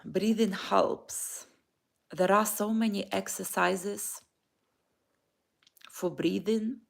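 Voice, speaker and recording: Slow, creaky-voiced woman sharing personal thoughts. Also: mid-range voice, fairly even intonation. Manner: slow, halting, heartfelt, with pauses and restarts. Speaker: vlogger and life coach. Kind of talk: personal morning reflection vlog.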